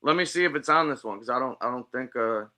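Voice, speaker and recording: Mocking cursing guy, really bright sharp voice, casual commentary. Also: medium pitch, fast. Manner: profane, mocking, incredulous.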